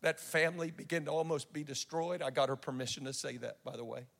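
A man preaching in a church with a gravelly, slightly raised voice. He tells his story earnestly and stumbles over his own restarts. A long echo rings off the hall around him. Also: a little high, fast talker, a bit bright. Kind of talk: sermon with personal storytelling. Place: church sanctuary.

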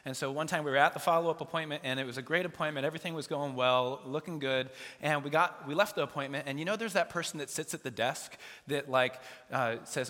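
Bright-voiced pastor in a reverberant hall. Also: male voice, medium pitch, steady tone, fast. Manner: storytelling with playful asides and acted-out dialogue. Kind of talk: sermon. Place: large church sanctuary.

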